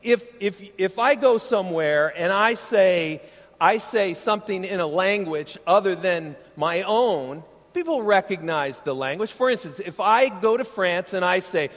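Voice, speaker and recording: A man from Iowa preaching a sermon as pastor, emphatic and animated, often checking in with his listeners with rhetorical questions. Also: high voice, a little slow. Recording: long reverb of a large hall.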